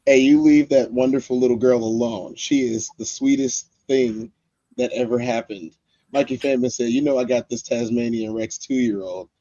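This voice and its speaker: A man's voice: mid-range voice, fairly even intonation, moderate pace, dark tone, dry recording, highs cut off. A man hosting a livestream, chatting loosely and speaking straight to his viewers. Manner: loose, talks straight to chat, lots of fillers. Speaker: livestream host. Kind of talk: casual livestream chat.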